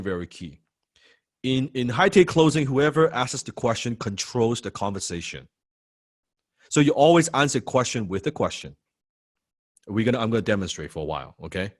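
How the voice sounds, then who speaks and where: A male sales trainer teaches a lesson with a lively, swooping delivery. He hammers home key phrases by repeating them and slips into quick impressions of prospects. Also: medium pitch.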